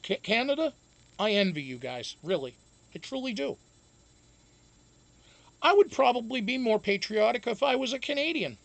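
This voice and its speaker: Male streamer, high gravelly voice, loose profane rambling chat. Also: big pitch swings, normal speed, long pauses. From United States. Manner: profane, rambling, laughs often. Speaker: show host. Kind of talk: casual live-stream chat.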